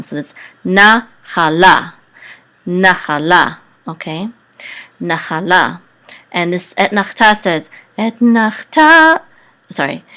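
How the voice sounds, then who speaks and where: A woman teaching Hebrew reading and chant in a casual, halting way, with many fillers, breaking into a higher sung tone for the words. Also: a bit bright.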